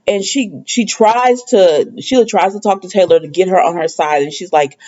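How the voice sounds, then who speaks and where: A woman casually recapping a soap opera episode in a chatty, animated way, full of colloquial asides. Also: mid-range voice, normal speed, few pauses, highs cut off.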